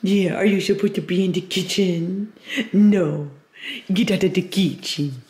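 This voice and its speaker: A woman's voice: fairly low pitch, a little slow, reverberant, noisy background, close to an everyday voice. A woman putting on a made-up accent to scold her dog, mock-stern and exaggerated.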